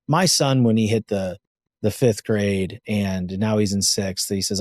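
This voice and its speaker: A man's voice: lowish voice, steady tone, moderate pace, darkish tone, no room sound, studio quality. A man hosting a podcast interview, enthusiastic and a little rambling, sharing stories about his son. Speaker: podcast host. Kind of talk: casual interview conversation.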